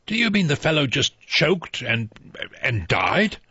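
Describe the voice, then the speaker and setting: A gruff older general , put on by the male narrator, with a changed, distant-sounding timbre that sets him apart from the narration. He speaks in blunt, clipped remarks. The voice is husky, and the recording is dull and lo-fi. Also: on the high side, big pitch swings, a little slow, pushed and bright, no room sound, pitched above the performer's own voice, heavily acted. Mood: baffled.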